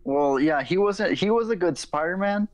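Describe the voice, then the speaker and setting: A man's voice: high-pitched, lively intonation, normal speed, rough recording. A young man co-hosting a casual podcast chat, rambling with lots of "like" and restarts and swearing casually. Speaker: podcast co-host.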